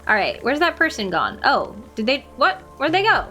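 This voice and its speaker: A woman's voice: a little high, big pitch swings, normal speed, sharp tone, faint music behind. A woman streaming a game, chatting casually and laughing often. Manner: giggly, chatty.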